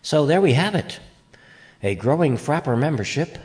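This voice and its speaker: A man's voice: a little high, sing-song, normal speed, darkish tone. A man hosting a podcast in casual chat, rambling with playful asides, recorded on a home mic. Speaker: podcast host.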